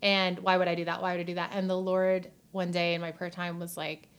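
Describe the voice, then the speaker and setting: A woman's voice: lowish voice, little pitch movement, fairly quick, clear, resonant tone. A woman talking earnestly about her faith in a casual podcast chat, with many "like" fillers, at times near tears. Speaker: podcast guest.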